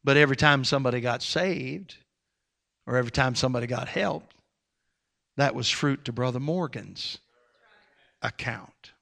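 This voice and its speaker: A male pastor telling a story in a sermon, folksy and animated, with sudden loud swells of emphasis. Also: mid-range voice, normal speed, vocal fry, pauses often.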